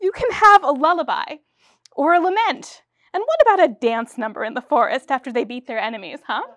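A woman's voice: high voice, lively intonation, a little fast, fairly bright tone, dry recording, voice pushed up. A woman voicing a pushy, eager male musical director in a read-aloud story.

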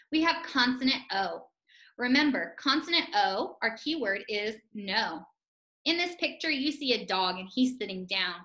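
Slow, bright-voiced woman teaching phonics. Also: fairly high pitch. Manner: slow, clear, sing-song teacher talk with chants. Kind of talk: first-grade phonics lesson. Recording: echoey room.

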